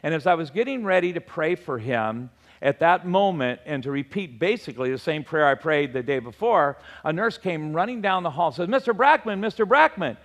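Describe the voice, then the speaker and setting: A man's voice: on the high side, animated, brisk. A man, a pastor, preaching a sermon earnestly and conversationally, telling stories and acting out the dialogue in them. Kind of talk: sermon storytelling. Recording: long reverb, large hall.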